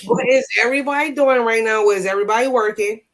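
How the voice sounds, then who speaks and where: A man's voice: very high voice, fast talker, a loud crowd, rough recording. A man in casual chat on a stream panel, emotional and close to tears, repeating himself.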